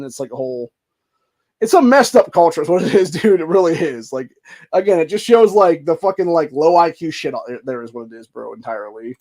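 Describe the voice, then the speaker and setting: A man's voice: mid-range voice, a little mellow. A man hosting a podcast, rambling in casual commentary with lots of swearing and filler phrases. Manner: rambling and profane, full of fillers. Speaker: podcast host.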